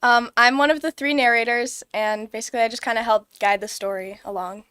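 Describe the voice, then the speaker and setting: A woman's voice: a little high, steady tone, a little fast, bright, forceful tone, clean tone, dry recording. A teenage girl from a school musical introducing herself and her role in a friendly way. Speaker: student actor guest. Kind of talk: interview answers.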